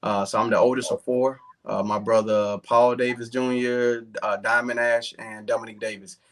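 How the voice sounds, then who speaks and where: A man's voice: mid-range voice, flat delivery, moderate pace, a bit bright. A man in his thirties from southern Georgia with a Southern accent, an earnest political candidate talking in an interview with frequent fillers. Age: 30s.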